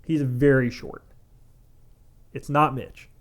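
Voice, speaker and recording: A young man who works as a tattoo artist and co-hosts a podcast tells a story in casual chat, animated and laughing, with plenty of "like" and swearing. His voice sits at medium pitch, and he takes his time.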